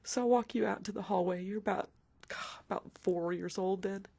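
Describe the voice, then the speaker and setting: A woman's voice: medium pitch, fairly quick, gravelly, a little mellow, breathy edge. A woman recounting her son's childhood illness in a personal storytelling interview, emotional and dropping into whispers as she voices the doctor.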